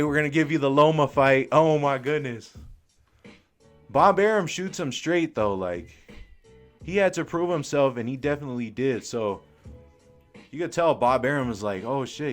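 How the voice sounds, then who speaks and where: A young man doing live fan commentary on a boxing match, excited and slangy, full of exclamations. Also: medium pitch.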